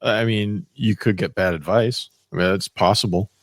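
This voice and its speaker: Low-voiced male co-host, dry sound. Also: normal speed, dry recording. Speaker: podcast co-host. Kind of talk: casual chat.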